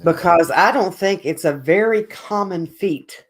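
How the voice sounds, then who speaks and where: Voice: mid-range voice, unhurried. Opinionated podcast co-host. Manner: opinionated, ranting. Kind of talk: casual sports chat.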